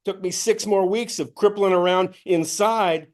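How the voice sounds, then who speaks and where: Male spiritual teacher, fairly high voice, storytelling talk that voices his own inner dialogue. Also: unhurried.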